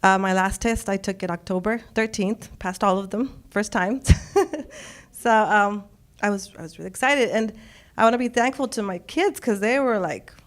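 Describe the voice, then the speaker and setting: A woman's voice: mid-range voice, moderate pace. Middle-aged woman, storyteller, emotional, laughs a lot. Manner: emotional, laughs often, quotes others. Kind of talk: personal story told on stage.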